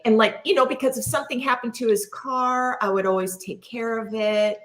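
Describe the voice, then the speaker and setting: A woman's voice: fairly high pitch, a little fast, hardly any pauses. A middle-aged woman hosting a candid chat, blunt and self-mocking, swearing freely. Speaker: podcast host.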